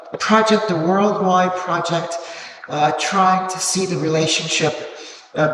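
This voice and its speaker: An older man giving a rambling, halting gallery talk as a guest, reminiscing with many pauses and fillers before an audience. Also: on the high side, a bit bright. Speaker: cultural documentarian, guest. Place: gallery event room with an audience. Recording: echoey hall, distant mic, faint noise.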